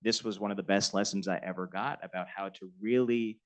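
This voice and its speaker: Middle-aged man, fairly low voice, storytelling at a panel, laughs often, gets emotional. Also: steady tone, fairly quick, poor audio. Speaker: panelist at a memorial lecture. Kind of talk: emotional personal anecdote.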